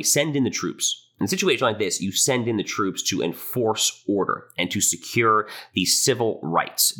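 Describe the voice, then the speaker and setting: A man's voice: low-pitched, sharp tone. A man hosting a podcast, delivering an indignant, impassioned opinion monologue. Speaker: podcast host.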